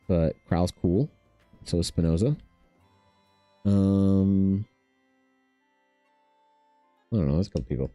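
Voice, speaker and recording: A young man chatting casually while drawing on his art stream, telling stories in a rambling, animated way full of fillers. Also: low-pitched, slow pace, pauses often, dry recording, faint music behind. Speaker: artist hosting a drawing stream.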